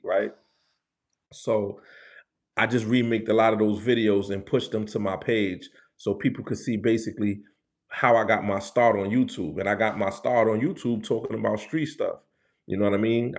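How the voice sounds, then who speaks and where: A man's voice: fairly low pitch, creaky. A man from the Bronx with a New York accent, chatting casually with viewers on his livestream, repeating phrases and talking in street slang. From New York City, the Bronx. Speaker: livestream host.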